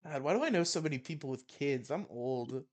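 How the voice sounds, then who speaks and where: A man's voice: fairly high pitch, expressive, fairly quick. A young man hosting a casual podcast chat, joking, swearing and laughing often. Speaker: podcast host.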